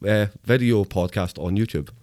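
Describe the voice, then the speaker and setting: A man's voice: on the low side, normal speed, mellow, no room sound. Guy in his 30s, casual jokey podcast chat, very dry mic. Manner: laughs often, jokey and self-mocking. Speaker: podcast co-host.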